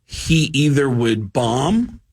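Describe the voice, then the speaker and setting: A male comedian telling animated, laugh-filled stories in a podcast chat, with a husky voice. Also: medium pitch, slow pace. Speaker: comedian guest.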